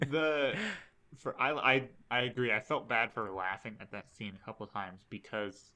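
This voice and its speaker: A man's voice: lowish voice, fairly even intonation, normal speed, sharp tone. A man co-hosting a casual film podcast, opinionated and laying out his arguments at length. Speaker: podcast co-host. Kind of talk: casual chat.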